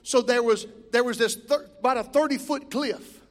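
A middle-aged man preaching a sermon as pastor, swinging between shouted exhortation and quiet, chatty storytelling. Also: extremely high pitch, moderate pace. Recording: long hall reverb.

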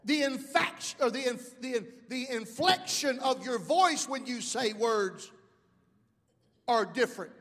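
A middle-aged male pastor preaching a sermon, calling out to the congregation and rising into shouts. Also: very high voice, expressive, a little slow, in a large hall. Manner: preaching with call-outs to the congregation.

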